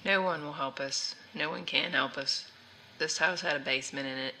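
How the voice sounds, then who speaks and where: A woman voicing a troubled mother in a horror game, speaking her recorded audio log in a flat, weary way. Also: deep voice, moderate pace, very noisy, close to an everyday voice. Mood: grim. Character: troubled mother hiding a dark family secret.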